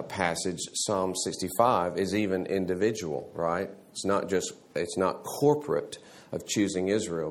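A man teaching a church Sunday school class in a halting way, restarting words and often clearing his throat. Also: sits low.

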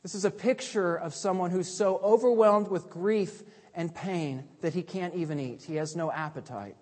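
A man preaching a sermon as pastor. He moves between urgent, raised lines and hushed, quiet ones. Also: sits high, moderate pace. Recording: long reverb of a large hall.

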